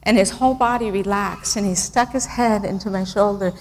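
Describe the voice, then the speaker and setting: A woman's voice: mid-range voice, fairly quick, a little mellow, a little hiss or hum. A middle-aged woman giving a missionary talk with slides, telling stories in an earnest, emotional way with fillers and restarts. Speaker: missionary speaker. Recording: long reverb in a hall.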